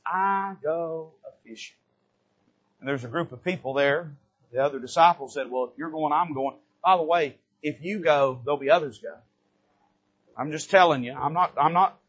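High, husky-voiced preacher man. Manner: dramatic preaching, swings from soft low asides to loud emphatic rises. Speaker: pastor. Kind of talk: sermon. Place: church pulpit. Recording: dull lo-fi church recording.

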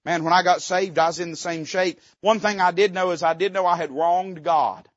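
A man preaching a sermon from the pulpit, folksy and fervent, swinging between loud rises and quiet dips. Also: sits high, fairly even intonation, moderate pace, no echo, muffled recording. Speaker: pastor. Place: church sanctuary.

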